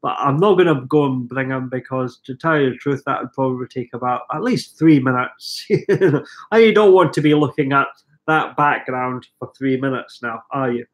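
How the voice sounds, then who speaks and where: A man's voice: medium pitch, moderate pace. A middle-aged Scottish man at home with a cold, coughing and chatting self-mockingly on a live stream while reading out viewer comments. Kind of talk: rambling live stream chat. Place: living room at home.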